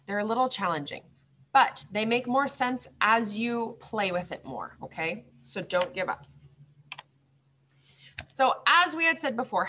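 A woman teaching second graders, sounding out words slowly and patiently. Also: on the high side, pushed and bright, a little hiss or hum. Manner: slow, drawn-out modeling of words. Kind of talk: recorded classroom lesson. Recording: slightly dull lo-fi recording.

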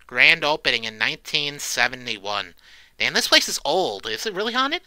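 A man's voice: medium pitch, sing-song, normal speed, sharp tone, clear, resonant tone, no room sound. A man commentating a horror game, jumpy, swearing often and shrieking when startled. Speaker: let's play creator.

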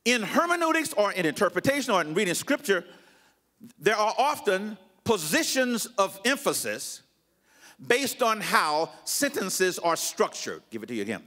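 A man preaching a sermon as pastor, teaching slowly and repeating phrases for emphasis, then dropping into soft, low asides. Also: sing-song. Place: church sanctuary.

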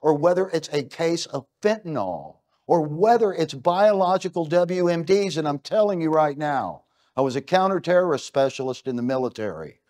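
A middle-aged man from the United States gives a keynote on stage at an event, sounding very animated at a normal speed. His voice is a little high and a little mellow, and he speaks emphatically and punchily, full of rhetorical questions.

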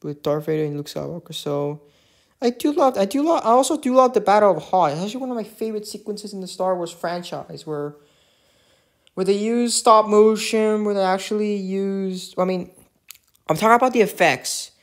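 Halting, chatty woman vlogger. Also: mid-range voice, animated. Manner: halting, with many restarts and self-corrections. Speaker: vlogger ranking films. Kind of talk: casual unscripted commentary.

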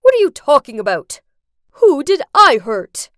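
A woman voicing a furious rich middle-aged father who shouts in indignation, in an animated story. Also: sits high, unhurried, dry recording, clean studio sound, heavily acted. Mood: outraged.

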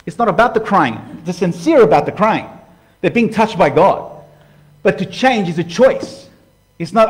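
Male preacher, tenor-ish, chatty sermon style with sudden loud and soft turns. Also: high-pitched, animated, normal speed. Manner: conversational, asks the congregation direct questions; voice swings from hushed to loud. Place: church hall before a live congregation.

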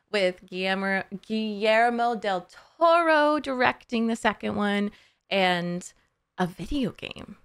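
A young adult woman hosting a casual reaction chat, gushing as an excitable fan. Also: medium pitch, smooth. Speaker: host reacting to a game trailer.

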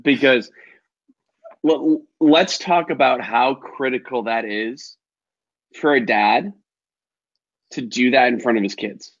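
A man's voice: mid-range voice, takes it slowly, long pauses, dull audio. A man hosting a podcast conversation, blunt and encouraging, swearing casually. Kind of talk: conversational interview.

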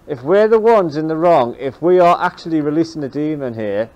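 A man's voice: a little high, animated, brisk, hardly any pauses, a little mellow, rough recording. A man on a ghost hunt outdoors, challenging and urging spirits to give a sign. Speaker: paranormal investigator. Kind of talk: ghost-hunting field chat. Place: outdoors at abbey ruins.

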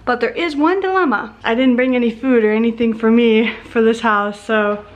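A woman's voice: on the high side, moderate pace, lo-fi sound. Chatty young woman vlogging at home. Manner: chatty, coos at the dogs in baby talk. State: out of breath, tired. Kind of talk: casual vlog chat. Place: house, indoors.

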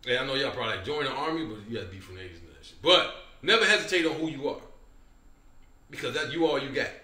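Laughing, lively young man, profane storyteller. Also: medium pitch, fast, roomy sound. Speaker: comedy show host. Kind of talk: animated comedic recap.

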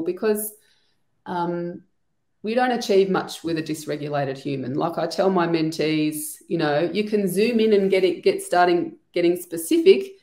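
A woman's voice: on the low side, moderate pace, darkish tone. A woman, an EFT trainer, explaining her work in a casual, thinking-aloud way on a video call. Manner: chatty, thinks aloud with many "you know" asides. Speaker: EFT trainer and trauma practitioner guest. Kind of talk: casual explanatory interview talk. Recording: echoey room.

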